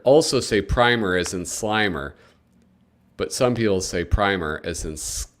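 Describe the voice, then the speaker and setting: A man with a lowish, slightly bright voice hosts a casual livestream. He rambles and chats with his viewers, using plenty of fillers in this relaxed live commentary.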